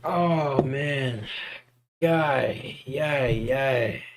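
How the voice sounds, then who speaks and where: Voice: medium pitch, extremely slow, slight background noise. A streamer in a casual live-stream chat who vents with exasperation, groans and swears, and keeps calling viewers bro, dude and guys. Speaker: streamer teaching 3D character creation.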